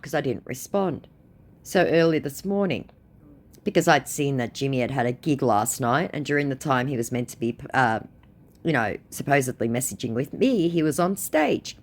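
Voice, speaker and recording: A woman's voice: rumbling low, lively intonation, normal speed. A woman who baits scammers and tells the story of a chat in a mocking, amused and blunt way. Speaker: scam baiter. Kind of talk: casual storytelling.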